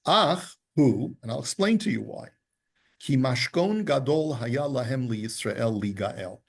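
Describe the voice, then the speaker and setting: A man giving a Torah class, his voice gravelly with a husky, slightly rough edge. He reads Hebrew text aloud and then unpacks it line by line in a patient, explanatory way. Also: medium pitch, lively intonation, measured pace. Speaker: Torah teacher.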